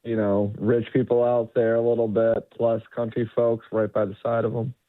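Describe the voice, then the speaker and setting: A male radio caller with a low, breathy, drawling way of talking. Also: level tone, moderate pace, no room sound. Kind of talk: phone call to a radio show. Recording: phone line.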